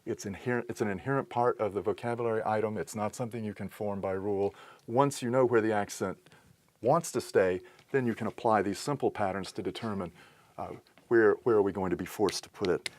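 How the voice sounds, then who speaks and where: Patient lower-voiced man teaching Greek accents. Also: no room sound. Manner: patient, explanatory, with pauses and restarts. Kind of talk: recorded lecture on Greek accents.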